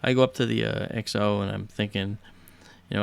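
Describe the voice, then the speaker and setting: A man's voice: fairly low pitch, fairly even intonation, a little fast, gravelly. A man hosting a livestream, telling a story casually in a hesitant way full of fillers and restarts. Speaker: livestream host.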